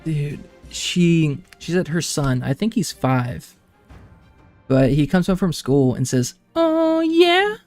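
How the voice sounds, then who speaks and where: A man's voice: on the high side, slow, mellow, soft background music. Laid-back young man chatting casually. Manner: rambling anecdotes with frequent laughs. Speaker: streamer. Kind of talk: casual chat while gaming.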